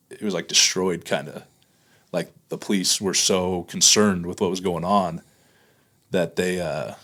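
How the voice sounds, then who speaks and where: A man, a podcast guest, recounting a painful memory in a halting way, full of fillers and restarts. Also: deep voice, a bit bright. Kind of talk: candid podcast conversation.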